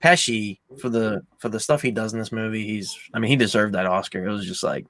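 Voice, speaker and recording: A young man hosting a casual film podcast, telling stories with animated energy and casual swearing. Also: fairly low pitch, fairly quick, no echo. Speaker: podcast host.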